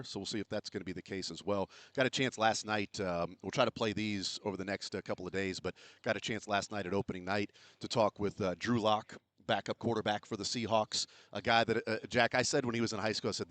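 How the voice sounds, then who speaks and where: A man's voice: fairly low pitch, fairly even intonation, quick pace, fairly bright tone, no echo. A man hosting a sports radio show in casual chat, rambling with many fillers and restarts. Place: radio row at a big sports event.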